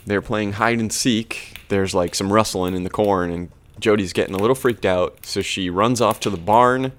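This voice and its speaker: A man's voice: fairly low pitch, moderate pace, a little hiss or hum. A man hosting a podcast, casually recapping an episode in a rambling, jokey way. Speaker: podcast host.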